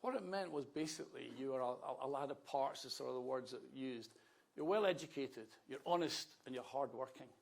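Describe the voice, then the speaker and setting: A man's voice: mid-range voice, fairly quick, gravelly. A Scottish man in his sixties, a politician giving a wry, anecdotal speech at a rally with self-mocking asides. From Scotland.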